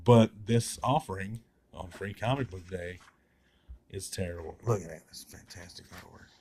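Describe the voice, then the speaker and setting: A man's voice: low-pitched, normal speed, a little mellow, slight background noise. A man reviewing a comic in a casual, sarcastic and blunt way, swearing freely.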